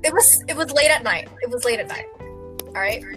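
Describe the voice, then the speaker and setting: A woman's voice: fairly high pitch, lively intonation, moderate pace, pushed and bright, faint music behind, poor audio. A young woman casually telling a rambling story, giggling and acting out what people said. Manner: rambling, giggly, acts out quotes. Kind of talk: casual chat.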